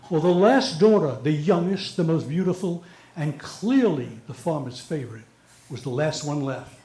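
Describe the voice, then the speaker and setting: A man's voice: a little high, lively intonation, moderate pace, mellow. An older man doing stand-up, telling jokes and acting out the characters in them, sometimes stumbling over words. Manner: storytelling, acts out characters, occasional stumbles. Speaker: stand-up comedian. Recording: echoey room.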